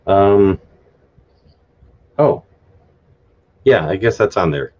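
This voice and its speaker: A man with a very low voice talks through word endings on a live stream, pausing, restarting and spelling words letter by letter. The audio is dull and lo-fi, with keyboard typing behind him. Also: animated, darkish tone, slightly rough. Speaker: live stream host explaining a constructed language. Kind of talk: unscripted casual explanation.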